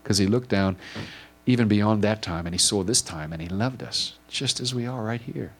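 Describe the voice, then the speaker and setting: A man preaching an informal sermon, retelling a story in an earnest, halting way with many repeated words and restarts. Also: lowish voice. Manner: earnest and emotional.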